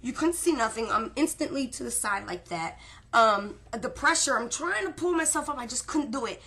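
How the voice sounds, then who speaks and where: A woman vlogger speaking to her viewers, talkative and emotional, repeating herself for emphasis, loud at times and soft and tired at others. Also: a little high. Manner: swings between loud insistence and soft tired murmurs. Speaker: spirit-communication vlogger. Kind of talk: emotional personal storytelling to camera.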